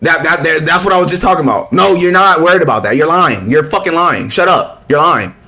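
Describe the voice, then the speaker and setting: Male reaction commentator, heated and profane, high-pitched. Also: fairly quick, sharp tone. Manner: blunt, profane, heated, lots of restarts. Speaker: political commentator reacting to a clip.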